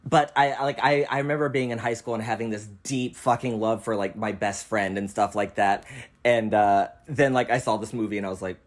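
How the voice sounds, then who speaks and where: A young man hosting a casual film chat, animated and quick to laugh, swearing freely and acting out lines as he talks. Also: lowish voice. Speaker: host.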